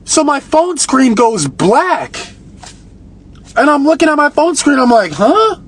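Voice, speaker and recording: A man telling a long story on a phone livestream, in a profane, rambling and excitable way. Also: very high voice, measured pace. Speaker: live-streamer. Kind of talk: casual live-stream storytelling.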